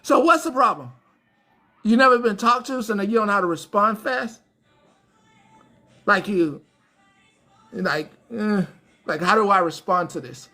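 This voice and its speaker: A woman's voice: medium pitch, lively intonation, measured pace, pauses often, pushed and bright, faint music behind. A woman hosting a livestream, ranting at her chat and trolls in a casual, profane way and laughing often. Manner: profane, laughing, talks straight back to trolls. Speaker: livestream host.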